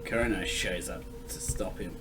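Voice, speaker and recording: A man recapping an anime in casual banter, animated and teasing and quick to laugh. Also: sits low, recorded from a distance, faint music behind. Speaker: co-host.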